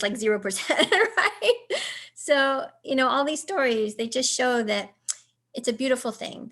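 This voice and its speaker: Woman, 40s, interview guest; animated storyteller, acts out quotes, somewhat high voice. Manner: frequent "like" and "you know" fillers. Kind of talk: personal storytelling.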